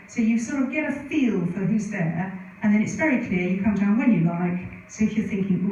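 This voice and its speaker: Woman speaker, middle-aged, mellow voice, chatty anecdotes, distant echoey hall sound. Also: medium pitch, a little fast, few pauses, highs cut off, slight background noise. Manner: chatty storytelling with many asides and fillers. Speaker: conference speaker. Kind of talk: conference presentation with anecdotes. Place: conference venue.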